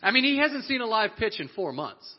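A man telling a lively personal story to an audience, animated and laughing often as he acts out the people in it. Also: high-pitched, a little fast, husky. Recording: dull lo-fi audio.

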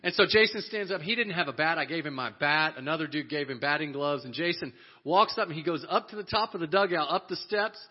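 A man telling a lively personal story to an audience, animated and laughing often as he acts out the people in it. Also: a little high, fast, few pauses. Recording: dull lo-fi audio.

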